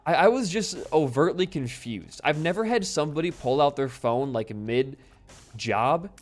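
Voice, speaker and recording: A man's voice: on the high side, lively intonation, a little slow. A young man telling a rambling story while playing a game, swearing freely and breaking off to react to the game. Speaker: gaming YouTuber.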